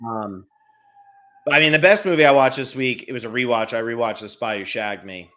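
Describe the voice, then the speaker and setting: Guy in his 30s chatting movies on a podcast, lively, swears a lot, middle-pitched voice. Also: fairly quick. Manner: animated, swearing, mocking impressions. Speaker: podcast co-host. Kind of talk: casual chat.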